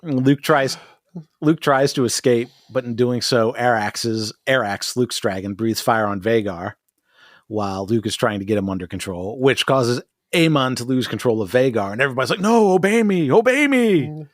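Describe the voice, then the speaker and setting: A podcast co-host recaps an episode in casual, profane chat, laughing often and mimicking characters. His medium-pitched voice moves at a moderate pace in a dry, studio-quality recording.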